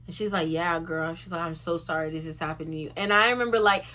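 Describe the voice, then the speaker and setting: A young woman telling a storytime in a chatty, animated way, often addressing her viewers directly. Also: on the low side, fast talker, slight background noise. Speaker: vlogger. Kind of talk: casual storytime vlog.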